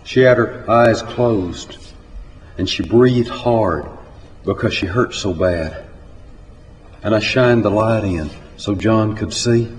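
A man telling a story live on a stage in a large hall, measured and unhurried, rising to loud urgency at the tense parts. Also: on the low side, slight background noise. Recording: echoey hall with faint ambience.

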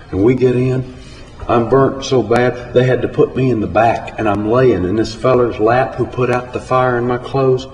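A man's voice: medium pitch, a little mellow, a little hiss or hum. A man telling a first-person story in a plain-spoken, folksy and profane way. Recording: roomy hall with faint ambience.

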